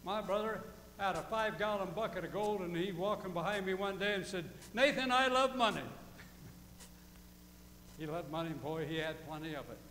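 A man's voice: high-pitched, steady tone, quick pace, a bit bright, echoey room, in a large hall, a little hiss or hum, poor audio. A male pastor preaching a folksy sermon, quizzing his congregation and repeating key phrases for emphasis. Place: church sanctuary.

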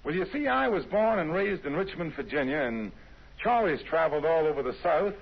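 A man's voice: fairly high pitch, animated, fairly quick, creaky, husky, exaggerated voice. An actor playing an eager young man of a singing team, talking in a 1950s radio drama style with hesitant starts. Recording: dull old radio broadcast.

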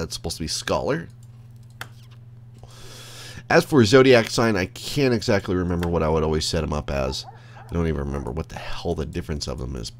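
A man's voice: a bass voice, vocal fry, a little hiss or hum. A man streaming a game, rambling to himself in casual commentary and swearing freely from his desk. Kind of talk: casual live gameplay commentary. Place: at a desk by a computer.

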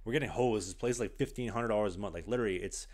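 A young man hosting a podcast, an animated storyteller who says "like" a lot in casual chat. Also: lowish voice, very fast. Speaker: podcast host. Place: small apartment.

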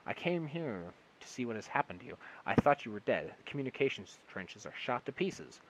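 A man's voice: mid-range voice, very animated, brisk, a little hiss or hum, voice pushed up, natural voice, low-quality recording. A man reading the lines of a German male soldier trapped and wounded in a collapsing dugout. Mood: urgent.

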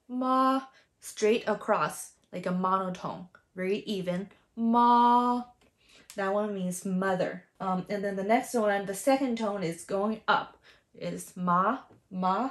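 Woman language teacher, unhurried delivery, demonstrates tones with stretched syllables, explains in English. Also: medium pitch. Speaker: Mandarin teacher. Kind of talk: language lesson.

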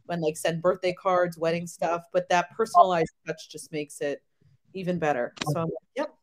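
Chatty, animated woman podcast guest. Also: lowish voice, normal speed, slight background noise, rough recording. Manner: chatty, animated storytelling with many fillers. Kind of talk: casual chat.

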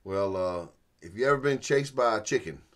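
A man teaching through a Bible passage in a folksy, animated storytelling way, chuckling as he goes. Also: lowish voice, moderate pace. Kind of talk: sermon-style Bible teaching.

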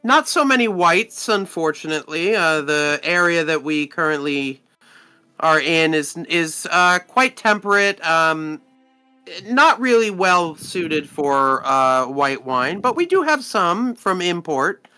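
A man's voice: on the high side, animated, slow pace, pushed and bright, smooth, heavily acted. A man voicing a courteous female innkeeper who rambles politely through the menu.

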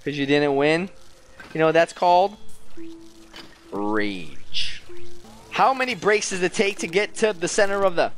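A man's voice: sits high, brisk, faint music behind. A man hosting a casual gameplay video with his young son, talking in a playful, goofy, teasing way.

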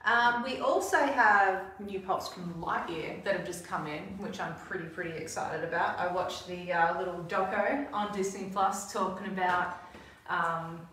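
A woman's voice: lowish voice, a bit bright, slight background noise. Chatty, upbeat woman co-host, heard from a distance in an echoey room. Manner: chatty, upbeat, quick asides. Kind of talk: live-stream product chat.

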